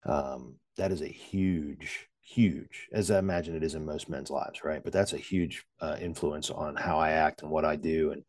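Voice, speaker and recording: A man with a very low, deep voice speaks in a loose, rambling way, full of fillers and restarts. He jokes about himself as he talks through his story. The sound is dry and close, with no room around it. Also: steady tone, moderate pace, few pauses, darkish tone, no room sound. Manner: self-deprecating humor. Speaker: podcast guest. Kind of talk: casual conversational interview.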